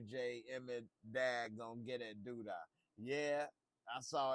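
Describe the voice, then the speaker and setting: With a mid-range voice and no room sound, a man reviews a TV episode in relaxed reaction commentary. He cracks jokes and answers back to what's happening on screen.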